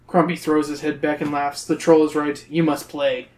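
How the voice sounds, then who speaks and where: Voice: mid-range voice, little pitch movement, moderate pace, few pauses, darkish tone. A podcast host casually reading a gamebook aloud, cracking jokes and swearing freely. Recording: roomy echo.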